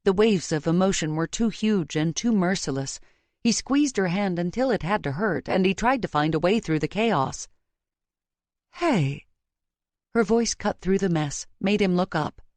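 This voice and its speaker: Brief: woman narrator, measured and emotive, slightly low voice, dry close mic. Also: animated, darkish tone, no room sound. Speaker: audiobook narrator. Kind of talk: scripted romance narration. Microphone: close studio mic.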